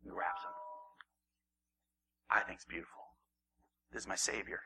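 A man preaching a sermon, acting out the story and swinging from raised, animated lines to hushed near-whispers. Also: deep voice, measured pace, a little hiss or hum, low-quality recording. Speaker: pastor.

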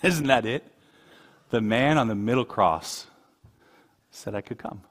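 A man preaching a sermon, moving from quiet asides to loud, high-pitched emphasis. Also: a little slow. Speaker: pastor.

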